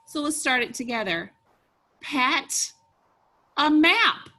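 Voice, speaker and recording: A woman teacher walks young children through an early-reader book from a screen-share lesson. Her voice sits a little high and rings bright. She prompts slowly and encouragingly in a sing-song way. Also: expressive.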